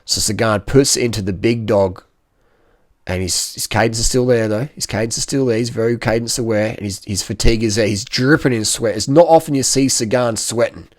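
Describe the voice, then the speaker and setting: A man commenting casually over race footage in an excitable, slangy way, full of exclamations. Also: fairly low pitch, a little fast, no room sound, studio quality. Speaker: cycling vlogger.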